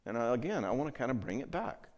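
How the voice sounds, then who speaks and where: A middle-aged man speaks to a conference audience about marriage in a loose, conversational way. His voice sits at an ordinary middle pitch. He often stops to check in with the listeners. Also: sing-song, quick pace. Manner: conversational, acts out quoted voices, frequent check-ins.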